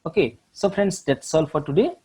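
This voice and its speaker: A man from India teaching English literature, walking through exam questions with frequent pauses and fillers, calling his viewers friends. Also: a little high, expressive, mellow, breathy edge, poor audio. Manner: slow, halting, many fillers, addresses viewers as friends. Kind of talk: exam solution lecture.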